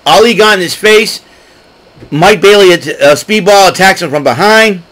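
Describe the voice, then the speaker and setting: A man hosting his own show, recapping events in a chatty, excitable way and clearing his throat often. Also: sits high, moderate pace, low-quality recording. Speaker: podcast host. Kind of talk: casual solo recap.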